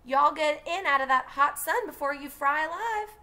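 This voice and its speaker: A woman's voice: sits high, expressive, normal speed, pitched above the performer's own voice. A woman voicing a firm housekeeper calling children indoors. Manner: calling out loudly.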